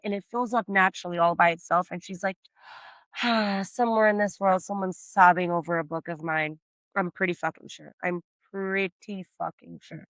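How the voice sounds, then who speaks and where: Podcast co-host, woman, bright higher voice, swears freely, animated storyteller, dry close mic. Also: no echo. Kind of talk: casual chat.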